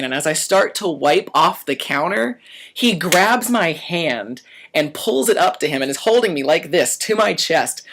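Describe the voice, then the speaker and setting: A man's voice: fairly high pitch, fairly bright tone. A young man vlogging, telling a story in a dramatic, profane way and acting out quoted lines. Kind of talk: animated storytelling.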